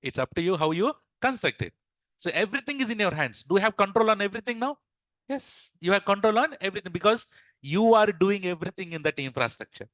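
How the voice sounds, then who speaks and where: Bright-voiced man teaching. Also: sits high, big pitch swings, quick pace, no echo, poor audio. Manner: repeats questions to the class, asks "yes or no". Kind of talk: classroom lesson told as a story.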